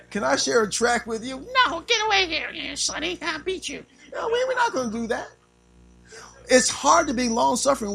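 High-voiced preacher, animated. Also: male voice, low-quality recording. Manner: animated, call-and-response preaching, acts out little scenes. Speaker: pastor. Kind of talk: sermon.

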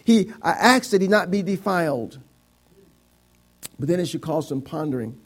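A man preaches with a high, gravelly voice that has some fry in it. He is playful and teasing, slipping into put-on voices of reluctant givers to make his point. His delivery swings between lively emphasis and quieter asides. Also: normal speed. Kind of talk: sermon with a live object lesson.

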